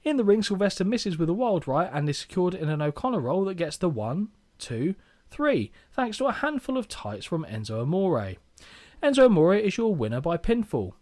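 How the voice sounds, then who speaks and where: A young man reads a match recap on a podcast with a slightly raised voice. His delivery is lively, and his pitch moves a lot. He keeps breaking off into playful jokes. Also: normal speed. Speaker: podcast co-host. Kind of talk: casual chat reading a match recap.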